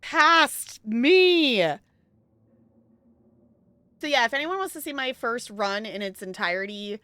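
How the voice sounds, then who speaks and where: Excitable woman streaming a game. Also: a little high, clear, resonant tone, dry recording. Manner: excitable, gushing, quick laughs. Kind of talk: live gameplay commentary and reading game text.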